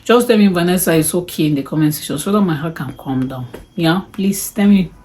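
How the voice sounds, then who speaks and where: A woman's voice: on the low side, brisk, a little mellow, slight background noise. A woman vlogger talking casually to camera, chatty and exclaiming as she walks through what she spent. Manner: chatty, exclaims and sighs over the costs. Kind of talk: casual cost breakdown talk to camera.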